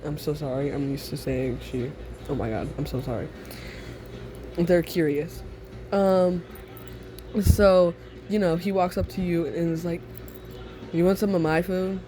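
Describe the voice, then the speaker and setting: A young man with a slightly high, mellow voice tells a casual second-person story. He rambles, giggles and fills gaps with ums. Faint noise sits behind him. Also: steady tone, measured pace, pauses often. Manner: rambling, giggly, many fillers.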